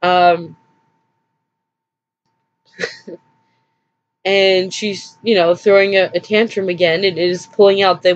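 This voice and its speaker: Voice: mid-range voice, steady tone, slow, pauses often. Upset vlogger venting in a dull recording. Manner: rambling, hesitant, with nervous laughs. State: upset and drained. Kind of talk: personal storytelling vlog.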